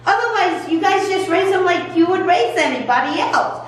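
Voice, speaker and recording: A woman's voice: very high voice, lively intonation, moderate pace, voice pushed up. A woman voicing an angel who gives firm, careful instructions. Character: solemn, instructive angel messenger. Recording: echoey church room from far off.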